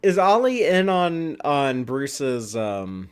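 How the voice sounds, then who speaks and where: A man on a podcast who chimes in with short agreeing remarks and quick laughs. His pitch jumps around in a lively way as he reacts. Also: clear, resonant tone. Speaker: podcast co-host. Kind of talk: casual comic book discussion.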